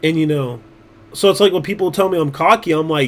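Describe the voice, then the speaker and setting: A man with a fairly high voice talks to his stream viewers in a loose, unscripted ramble. He is blunt and swears freely, often doubling back and restarting mid-thought. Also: brisk. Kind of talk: casual livestream chat.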